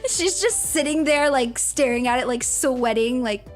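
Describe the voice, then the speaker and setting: A woman streamer chatting casually, telling a story in a giggly, animated way, with faint music behind. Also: high-pitched, moderate pace. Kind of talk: casual chat.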